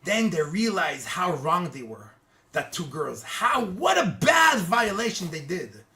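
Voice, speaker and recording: An animated religious teacher tells a moral story, acting out each quoted line and calling the listeners guys. The speech halts and restarts, with words repeated. The voice is bright and sharp, and it swings widely up and down in pitch. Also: unhurried. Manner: lively, acts out quotes, keeps addressing listeners as guys.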